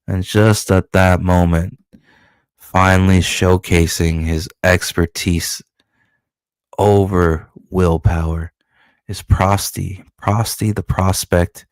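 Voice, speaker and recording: A man, a comic book creator, walking through his comic in profane, animated storytelling. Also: sits low, slow pace, clear, resonant tone, no echo, clean studio sound. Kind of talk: casual comic-book walkthrough.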